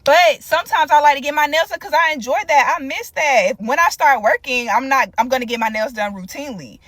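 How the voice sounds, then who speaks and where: A woman chatting casually to her phone camera in an expressive, sing-song way. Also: sits high, a little fast, no echo.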